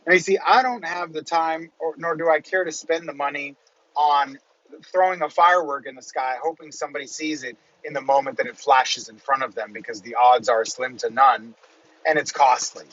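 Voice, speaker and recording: A middle-aged man and real estate coach in a casual motivational monologue, rambling and conversational, often checking in with a quick "right?". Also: on the high side, fairly even intonation, a bit bright, muffled recording.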